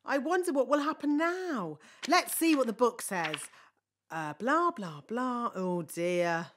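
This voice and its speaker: A woman voicing a bossy, cheerful fairy nanny in a cartoon, talking in a brisk, fussy and self-assured way. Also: a little high, animated, a bit bright, a little hiss or hum. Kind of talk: cartoon voice acting.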